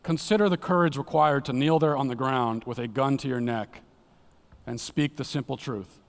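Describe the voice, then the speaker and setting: Earnest preacher with a reverberant church sound. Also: male voice, normal speed, vocal fry. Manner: earnest, dramatic, drops to a hushed low voice for emphasis. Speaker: guest speaker at church. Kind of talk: sermon. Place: church sanctuary. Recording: long church hall reverb.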